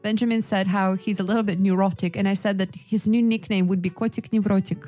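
A woman's voice: medium pitch, steady tone, fast, mellow, soft background music. Playful woman. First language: Russian. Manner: playful, teasing. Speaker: podcast co-host. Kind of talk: casual podcast chat.

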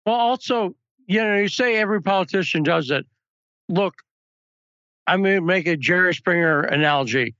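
A man's voice: high voice, moderate pace, sharp tone, smooth, dry recording, muffled recording. A man hosting a political talk show, chatting casually and telling anecdotes. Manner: chatty, storytelling asides.

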